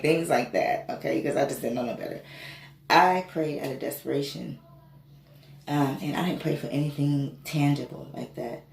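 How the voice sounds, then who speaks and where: A woman tells a personal story in a casual, animated way and swears freely. She sounds gravelly at times. The room has a noticeable echo. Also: very deep voice. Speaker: spiritual reader and reiki healer. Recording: echoey room with faint noise.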